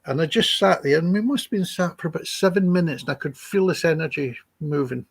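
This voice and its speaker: A man's voice: a little high, fairly quick, vocal fry, husky, no echo. A man, a psychic healer guest in an interview, telling chatty anecdotes and acting out the dialogue he quotes. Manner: chatty, acts out quoted dialogue, chuckles between stories.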